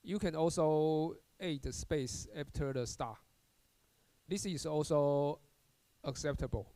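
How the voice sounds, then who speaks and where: A man teaching a recorded university programming lecture, halting as he explains, often repeating words and restarting with "uh" fillers. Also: on the high side, mellow, no echo.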